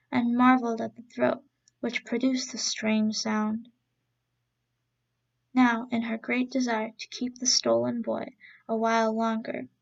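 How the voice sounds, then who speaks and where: A woman reading a traditional story aloud in slow, deliberate phrases. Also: on the high side, vocal fry, highs cut off.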